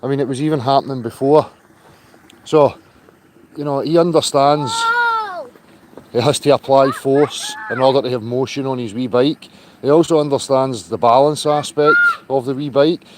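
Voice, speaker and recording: A man's voice: medium pitch, fairly even intonation, moderate pace, heavy background noise. Man chatting on a livestream. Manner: chatty, greets viewers by name, swears in asides. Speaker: livestream host. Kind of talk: casual livestream talk.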